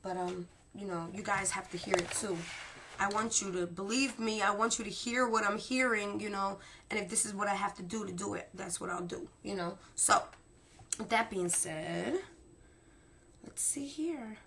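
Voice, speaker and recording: A woman vlogger speaking to her viewers, talkative and emotional, repeating herself for emphasis, loud at times and soft and tired at others. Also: mid-range voice, steady tone, moderate pace, slight background noise. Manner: swings between loud insistence and soft tired murmurs. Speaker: spirit-communication vlogger. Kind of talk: emotional personal storytelling to camera.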